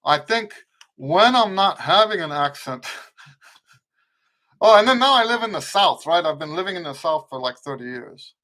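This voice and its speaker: A middle-aged man with a somewhat high voice and a mixed American accent rooted in Western Pennsylvania. He hosts a casual live trumpet Q&A in a rambling way, often breaking off and rewording his sentences. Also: animated, normal speed, bright, forceful tone. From eastern United States. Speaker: trumpet teacher and show host.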